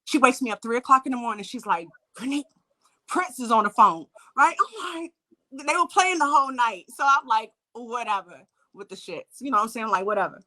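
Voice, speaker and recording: Young d.c. woman, high bright voice, swears a lot, does all the voices in her story. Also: a little fast. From Washington, D.C. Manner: animated, acts out voices, laughs, swears freely. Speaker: singer and guest. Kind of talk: casual storytelling.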